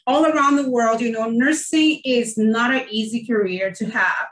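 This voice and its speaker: Woman host and nurse, effusive and chatty, slightly high, roomy far-off sound. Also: normal speed, fairly bright tone. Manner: effusive, many fillers, emotional. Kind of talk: casual online interview. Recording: roomy, distant from the mic.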